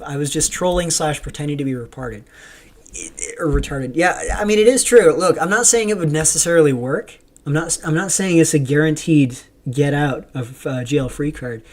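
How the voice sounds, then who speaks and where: A man from Canada hosting a livestream, rambling with lots of ums as he reads viewer chat aloud and answers it. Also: on the high side. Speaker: livestream host. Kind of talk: casual livestream commentary.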